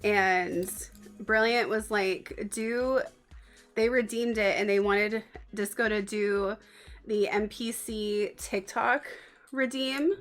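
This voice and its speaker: A woman's voice: mid-range voice, steady tone, slow, fairly bright tone, faint music behind. A young woman from the Bay Area with a Northern Californian accent, chatting casually and giggling on a livestream, with lots of "like". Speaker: streamer.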